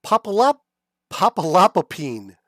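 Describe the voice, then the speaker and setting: A man's voice: sits high, sing-song, unhurried, fairly bright tone, no room sound, clean studio sound, pitched above the performer's own voice, exaggerated voice. A man voicing an eager, friendly fish-man guide.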